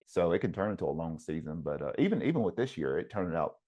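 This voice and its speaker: A man's voice: sits low, lively intonation, quick pace, warm tone, husky. A man who coaches wrestling, talking in an easygoing, casual conversation with frequent ums and uhs. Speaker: wrestling coach and podcast host.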